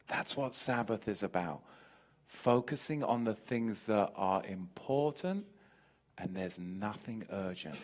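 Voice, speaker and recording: A man preaching a Sabbath sermon as a teacher, repeating key phrases for emphasis and slowing down on the words that matter. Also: on the low side, a little mellow. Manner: slows and drops his voice on key words. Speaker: pastor teaching a weekly Sabbath lesson.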